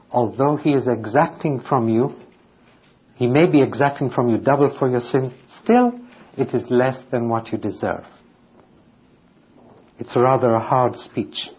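A man's voice: medium pitch, measured pace, long pauses, slightly rough. A man reading Bible verses aloud and explaining them in plain, conversational terms. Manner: reads scripture aloud, then explains it plainly. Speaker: Bible teacher. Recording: dull lo-fi recording.

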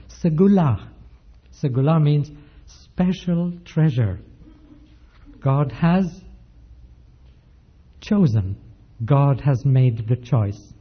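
Slow, husky-voiced male preacher. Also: mid-range voice, expressive. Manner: slow, emphatic preaching with measured pauses. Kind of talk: sermon. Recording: dull lo-fi recording.

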